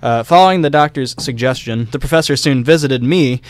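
Smooth-voiced young man telling history. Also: mid-range voice, a little fast, no room sound. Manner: loose, filler-heavy storytelling with laughs. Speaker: podcast co-host. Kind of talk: casual history podcast chat.

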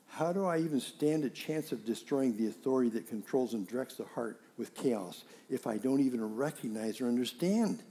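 Guy preaching a sermon, chatty teaching style, asks questions and answers them, mid pitch. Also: warm tone. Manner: conversational preaching with rhetorical questions; acts out quoted dialogue in scenes. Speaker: pastor.

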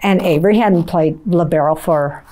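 Low-voiced woman coach recalling a match. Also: mellow. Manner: reflective, measured storytelling. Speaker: volleyball coach. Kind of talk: documentary interview.

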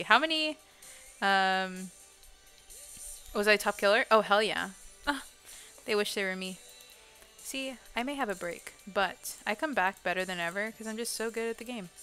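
Brief: slow-talking woman streamer, bright tense tone, laughs a lot and swears playfully, laptop mic, faint music behind. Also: medium pitch. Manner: laughs often, swears and trash-talks teammates. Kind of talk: casual gameplay streaming. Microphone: laptop microphone.

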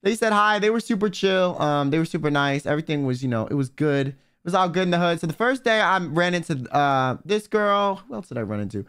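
A young man livestreaming as a vtuber, telling stories in a casual, animated way with plenty of swearing and filler words. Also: a little high, fast talker, few pauses, clean tone. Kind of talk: casual storytelling on stream.

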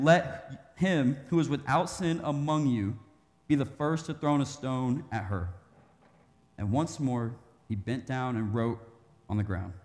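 Young man preaching in a reverberant hall. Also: medium pitch. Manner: casual, animated preaching with acted-out quotes. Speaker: youth pastor. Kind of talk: sermon.

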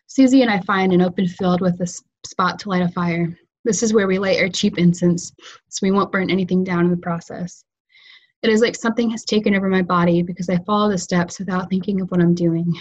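A woman fiction writer reading her own story aloud in a calm, measured way over a video call. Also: on the low side, dull audio. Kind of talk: literary reading.

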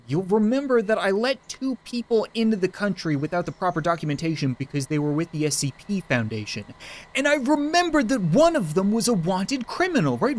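A gaming YouTuber, a man, doing let's play commentary in a joking, excitable way, talking back to the characters on screen. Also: high voice.

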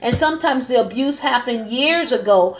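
A woman's voice: on the high side, animated, moderate pace. A woman hosting a live stream as a coach and pastor, talking earnestly and repeating phrases for emphasis. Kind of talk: casual live-stream talk.

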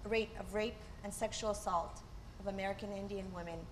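A woman presenting the introduction to a theater piece in a measured, informative way. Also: medium pitch, fairly even intonation, a little hiss or hum, low-quality recording. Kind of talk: read stage introduction.

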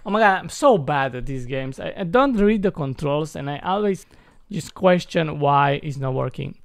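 A young man giving casual, slangy gameplay commentary, often bursting into loud, high exclamations. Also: expressive, moderate pace, dry recording, studio quality. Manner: playful slangy talk. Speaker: gamer.

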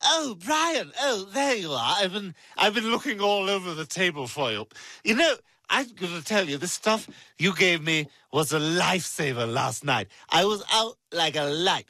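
A man's voice: sits high, very animated, normal speed, hardly any pauses, bright, forceful tone, dry recording, exaggerated voice. A man voicing a pompous, bossy infant boy who is tipsy and giggly.

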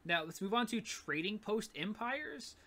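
A man's voice: high-pitched, lively intonation, measured pace, sharp tone. A man teaching a recorded history lesson in a casual, rambling way, full of fillers and "right?" checks. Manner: casual, repetitive, with many fillers and "gonna", "right?".

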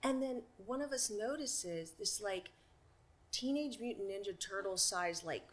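A woman singer as a guest, telling a lively anecdote with laughs and acted-out quotes. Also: mid-range voice, a little slow. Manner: laughing storyteller, acts out voices. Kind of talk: animated anecdote.

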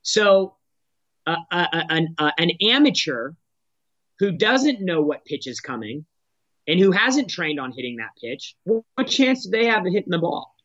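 Guy on a sales podcast, direct coaching tone, kinda high voice, dull lo-fi sound. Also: big pitch swings, a little slow, fairly bright tone, dry recording. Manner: direct, coaching tone with frequent restarts. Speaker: sales executive guest. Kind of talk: podcast interview answers.

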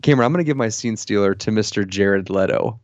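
A man co-hosting a movie podcast, reviewing films in an animated, casual way with lots of restarts and laughs. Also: on the low side, fast talker, no room sound, muffled recording. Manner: animated, stumbling restarts, laughs while talking. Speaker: podcast co-host.

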